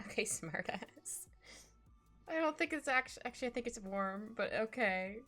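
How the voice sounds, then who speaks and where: A woman's voice: fairly high pitch, animated, moderate pace, pushed and bright. A young woman chatting casually and playfully with her viewers as she draws on a live stream, laughing often. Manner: giggly, playful, talks to chat. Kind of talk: casual chat while drawing. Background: faint music.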